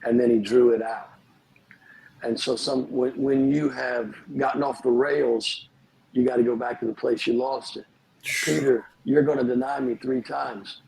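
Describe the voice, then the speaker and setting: A man, a pastor and podcast guest, telling earnest, animated stories about forgiveness in casual conversation. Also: mid-range voice, normal speed, vocal fry, slight background noise, rough recording.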